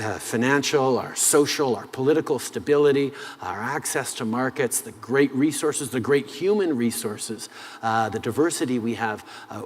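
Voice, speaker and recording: A man answering interview questions as a head of government, measured and full of "uh" pauses. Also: medium pitch, long reverb tail.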